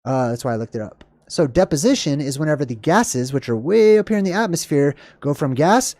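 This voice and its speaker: A man hosting a livestream, answering chat questions in a casual, rambling way, often searching for words and correcting himself, with a slightly hoarse voice. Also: on the high side, animated, a little fast, a little mellow, no room sound.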